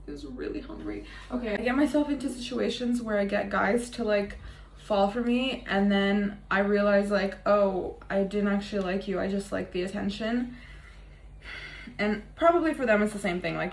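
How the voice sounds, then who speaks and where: A woman's voice: medium pitch, moderate pace. A young woman vlogging in a casual, confessional way, chatty and self-mocking, swearing freely. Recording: echoey room with faint ambient noise.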